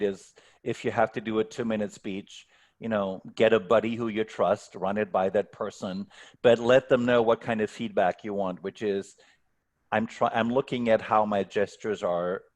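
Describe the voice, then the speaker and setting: Male guest coach on a video call, low voice, reflective, stumbles into his sentences. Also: fairly even intonation, normal speed. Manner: thoughtful, repeats words when starting sentences. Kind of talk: online workshop Q&A.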